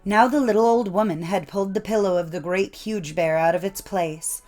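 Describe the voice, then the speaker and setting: A woman's voice: mid-range voice, darkish tone, faint music behind. Woman narrating folk tales. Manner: measured, storytelling cadence. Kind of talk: scripted storybook narration.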